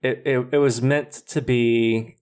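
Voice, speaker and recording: A man's voice: mid-range voice, fairly even intonation, takes it slowly, a little mellow, smooth. A man co-hosting a podcast, explaining his views in a casual, hesitant way with frequent fillers. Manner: explanatory, hesitant with many ums. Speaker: podcast co-host. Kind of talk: casual chat.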